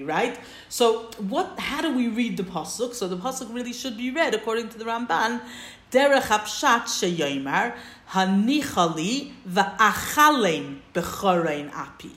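A woman leads a text-study class at a middle pitch, walking through each point and checking in with her listeners. Her voice carries a noticeable roomy echo. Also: lively intonation, moderate pace, fairly bright tone. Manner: explains step by step, checks in with "right?". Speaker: Torah teacher.

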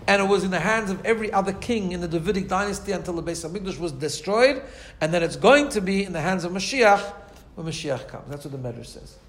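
A man's voice: high voice, expressive, fast talker. A man giving a Torah class with an Orthodox Jewish English and Ashkenazi Hebrew accent. He talks in a chatty way, repeats words and keeps asking "right?". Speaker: Torah teacher.

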